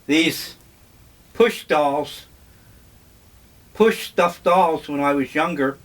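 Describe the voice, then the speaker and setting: Slow, rambling older man. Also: a little high. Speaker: vlogger. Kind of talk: casual reminiscing monologue.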